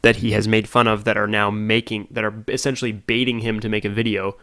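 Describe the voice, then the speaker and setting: A man's voice: fairly low pitch, little pitch movement, fast, bright, forceful tone, no echo. A young man co-hosting a podcast in casual chat, laid-back with dry remarks. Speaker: podcast co-host.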